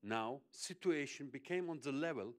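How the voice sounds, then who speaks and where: A man's voice: mid-range voice, lively intonation. Impassioned man. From Chechnya. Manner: halting non-native English, frequent apologies, emphatic. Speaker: forum panelist. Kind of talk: impassioned panel remarks.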